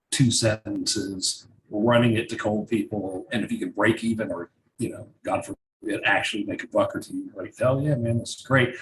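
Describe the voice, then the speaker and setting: A man's voice: lowish voice, slight background noise, poor audio. A man teaching over a screen share in a loose, casual way, swearing and thinking aloud as he clicks through. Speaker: marketing instructor.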